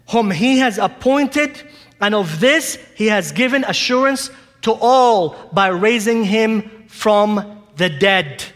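A man's voice: sits high, a bit bright, in a large hall. A man preaching a sermon as pastor, reading scripture and rising to urgent, impassioned appeals to his congregation.

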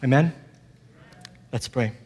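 A man's voice: medium pitch, slow pace, warm tone, breathy edge, in a large hall. A man preaching a sermon as pastor, reading scripture and rising to urgent, impassioned appeals to his congregation.

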